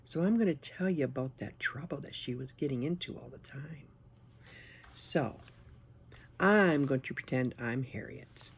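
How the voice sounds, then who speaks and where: A children's storyteller reading a picture book aloud, animated, asking the listeners questions and dropping into whispers. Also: medium pitch, measured pace, slight background noise.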